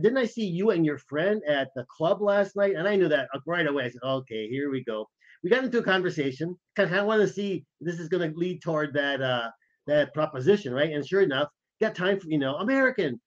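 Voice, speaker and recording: Male podcast co-host with a slightly high voice, animated storyteller, dull muffled recording. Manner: animated anecdotes, acts out quoted lines. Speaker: podcast co-host, former intelligence officer.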